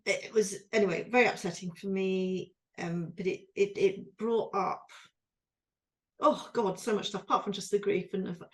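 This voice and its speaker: A woman co-hosting a podcast, talking in a rambling, self-interrupting and emotional way. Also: medium pitch. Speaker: podcast co-host. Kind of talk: reflective conversational chat.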